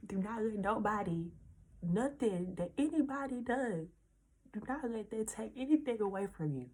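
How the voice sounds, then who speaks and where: A woman's voice: medium pitch, animated, normal speed, a little mellow, breathy edge. A 19-year-old woman speaking earnestly and casually to her viewers in a heartfelt storytime vlog, repeating reassurances. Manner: casual slangy speech. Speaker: vlogger.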